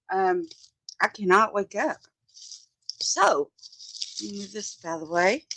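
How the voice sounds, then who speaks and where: A woman's voice: a little high, fairly bright tone. A woman hosting a casual crafting live stream from her home desk, chatting as she works, greeting viewers by name and thinking aloud. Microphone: phone.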